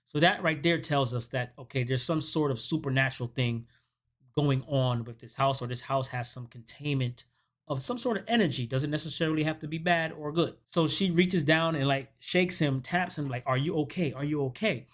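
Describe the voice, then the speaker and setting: A man's voice: on the high side, moderate pace. A man who hosts a movie review channel, giving a casual recap of a horror film and acting out the characters' lines as he goes. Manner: animated storytelling that acts out quoted dialogue.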